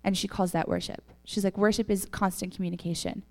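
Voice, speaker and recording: A woman's voice: mid-range voice, little pitch movement, fast. A woman leading a youth group with a casual faith talk, chatty and full of "like" and "right?".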